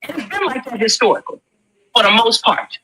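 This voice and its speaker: A woman's voice: a little high, lively intonation, a little fast, a crowd in the background, low-quality recording. A woman, talking with emphatic, preachy force and rhetorical questions. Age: 40s. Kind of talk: impassioned commentary.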